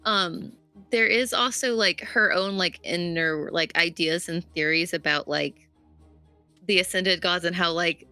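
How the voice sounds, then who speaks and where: Bright-voiced woman playing a tabletop game. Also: fairly low pitch, measured pace, clear, resonant tone, faint music behind. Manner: rambling with many fillers. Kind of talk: casual in-character play.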